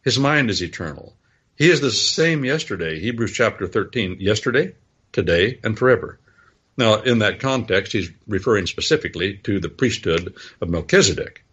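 Man, preacher, folksy rambling Bible teaching, spells words out, lively swinging pitch, dull lo-fi recording. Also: normal speed, husky.

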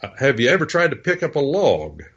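A man's voice: medium pitch, big pitch swings, brisk, a bit bright, husky, highs cut off. A man preaching and teaching on scripture in a folksy, rambling way, telling stories and spelling out words letter by letter.

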